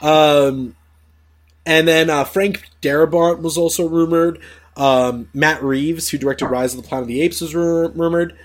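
A man hosting a casual chat about movies, swearing freely and giving animated opinions. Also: a little high, measured pace. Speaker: podcast host.

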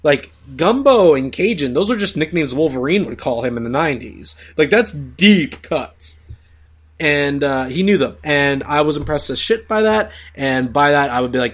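A man hosting a casual chat about movies, swearing freely and giving animated opinions. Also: fairly high pitch, normal speed. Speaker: podcast host.

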